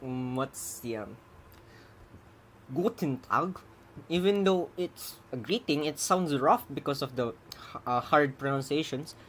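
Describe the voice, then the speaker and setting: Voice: mid-range voice, animated, normal speed, hardly any pauses, a little hiss or hum. A programmer giving casual live-coding commentary, rambling, chuckling and muttering while debugging, with keyboard typing behind. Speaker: programmer streaming their own coding.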